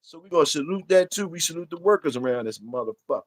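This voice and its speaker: A man's voice: on the high side, animated, normal speed, long pauses, no echo. A man, hosting a casual livestream, ranting in a profane, repetitive and emphatic way. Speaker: livestream host.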